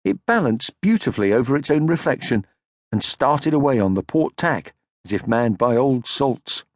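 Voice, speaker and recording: A man narrates a children's story with an expressive, gently paced delivery. His pitch moves a lot. The close, dry studio sound has no room in it. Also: moderate pace, no room sound. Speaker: audiobook narrator. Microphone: close studio mic.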